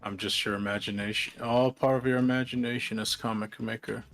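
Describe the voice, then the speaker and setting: A woman's voice: very deep voice, steady tone, a little fast. A woman joining a livestream as co-host, teasing playfully in casual chat. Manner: teasing, playful, bouncy delivery.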